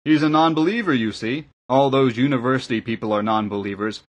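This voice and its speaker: A man reading the part of an elderly village priest in an audiobook, genial and gently scolding. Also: mid-range voice, fairly quick, lightly acted. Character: elderly male village priest, fond of food.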